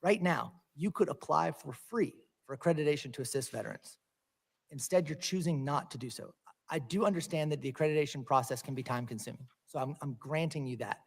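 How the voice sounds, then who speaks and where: A man questioning a witness at a formal hearing, pointed and hurried against a time limit. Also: fairly high pitch, gravelly, breathy edge, big-room sound.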